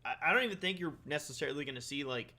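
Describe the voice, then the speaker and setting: A man's voice: fairly high pitch, lively intonation, very fast, bright, forceful tone. A man co-hosting a podcast in casual chat, rambling and laughing often. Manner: rambling, laughs often, eating while talking. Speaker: podcast co-host.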